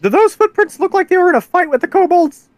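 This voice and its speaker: A woman's voice: very high-pitched, lively intonation, fast, a little mellow, dry recording. A woman playing a tabletop game, thinking aloud in a chatty, casual way. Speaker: player.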